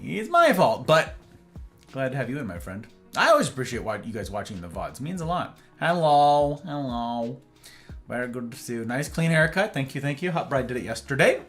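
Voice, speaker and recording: A man's voice: mid-range voice, sing-song, a little fast, a bit bright, faint music behind. A man streaming from home, chatting casually and greeting his viewers by name with playful flourishes. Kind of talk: casual livestream chat.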